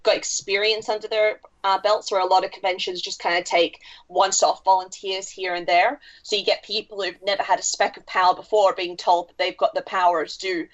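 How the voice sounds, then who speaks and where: A woman chats on a podcast, giving opinions in a wry tone and swearing freely. Her voice sits at a mid pitch for a woman. The recording is dull and lo-fi. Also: flat delivery, fairly quick, hardly any pauses. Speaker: podcast co-host. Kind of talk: casual chat.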